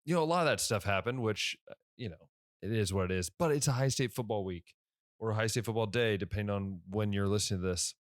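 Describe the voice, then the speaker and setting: A drowsy Ohio man with a fairly low voice speaks quickly on his solo sports podcast, captured with clean studio sound and no echo. Yawning as he goes, he meanders through ideas, packs in fillers, and keeps backing up to correct himself.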